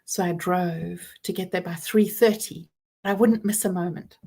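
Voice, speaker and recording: A woman in her forties giving a personal talk about trauma, earnest and reflective, with soft pauses and gentle emphasis. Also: lowish voice, fairly even intonation, husky. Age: 40s. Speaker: speaker on trauma and healing.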